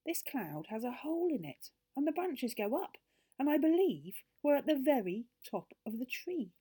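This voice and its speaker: A woman's voice: medium pitch, sing-song, a little fast, darkish tone. A woman voicing a mischievous, adventurous young boy in a children's story. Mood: excited, mischievous.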